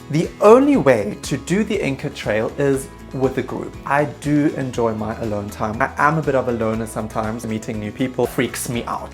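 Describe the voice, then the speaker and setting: Male vlogger, mid pitch, animated comic storyteller, self-deprecating, faint music underneath. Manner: animated, self-mocking, jumps into quick put-on voices. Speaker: travel storyteller. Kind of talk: comedic travel story vlog.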